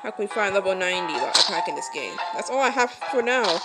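Playing a game for her channel, a woman chatters through casual let's-play commentary, giggling and exclaiming a lot. She talks fast and animatedly in a mid-range voice. Loud game music plays behind this low-quality phone screen recording.

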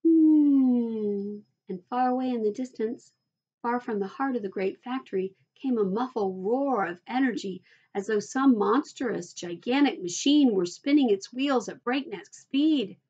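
A woman teacher reading a children's chapter book aloud in a steady storytelling voice. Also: on the high side, moderate pace, husky, lo-fi sound.

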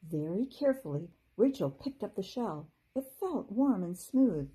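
A woman teacher reading a children's storybook aloud in a gentle, expressive way. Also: mid-range voice, normal speed, husky, low-quality recording.

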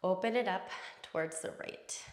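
A woman yoga instructor calmly cueing breath and poses through a guided class. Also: on the low side, normal speed, echoey room.

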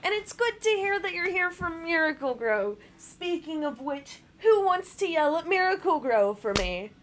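There's slight background noise as a young woman speaks at an extremely high, sing-song pitch and moderate pace. She chats casually with her live-stream audience from home over a webcam and computer mic, bubbly, laughing often and poking fun at herself.

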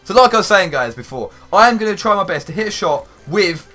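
A young-sounding man narrates his gameplay in a bright, fairly high voice. His pitch swings widely as he rambles, swears and suddenly shouts. Faint game music plays behind him. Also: lively intonation, fast talker. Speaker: gaming YouTuber. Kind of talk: live gameplay commentary.

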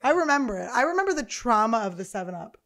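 A woman's voice: on the high side, sing-song, fast talker, fairly bright tone. A woman hosting a comedy podcast, telling profane stories with laughter in a loose, chatty way. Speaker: podcast host. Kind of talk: casual comedic chat.

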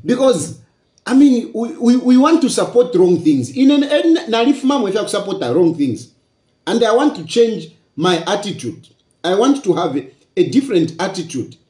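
Emphatic Zambian man, high lively voice. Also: moderate pace, reverberant, faint music behind. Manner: repetitive, emphatic, asks rhetorical questions. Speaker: political commentator. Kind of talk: casual political commentary.

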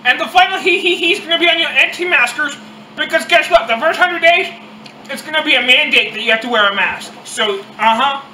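A woman's voice: high-pitched, expressive, a little fast, sharp tone, echoey room, slight background noise, rough recording. A woman co-hosting a casual mukbang vlog, talking bluntly and swearing freely as she rants. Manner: profane, blunt ranting. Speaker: vlog co-host. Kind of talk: casual mukbang chat and rant.

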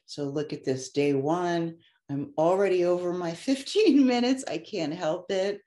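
A woman's voice: fairly low pitch, a little slow, dark tone, roomy sound. A woman life coach giving an effusive, heartfelt motivational talk to an online audience. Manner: effusive and heartfelt, gets emotional.

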